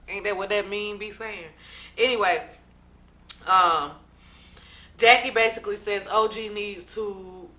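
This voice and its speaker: A young woman talks through a reality TV episode with sass and plenty of slang, turning to her viewers now and then. Her voice is bright and forward. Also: mid-range voice, a little slow, pauses often. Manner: animated, sassy, with slang and asides to viewers. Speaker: reality TV recap vlogger. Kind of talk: casual reality show recap.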